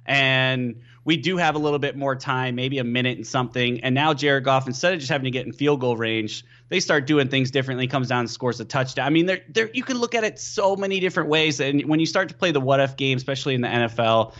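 A man as a guest on a sports podcast, telling stories in an animated, excitable way with lots of fillers. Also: medium pitch, quick pace, hardly any pauses, muffled recording. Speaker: podcast guest, team analyst. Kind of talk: casual sports podcast chat.

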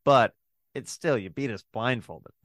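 A man's voice: medium pitch, a little slow, fairly bright tone, no room sound, studio quality. A man in his thirties, a comedian guest in a casual interview, easygoing and self-deprecating.

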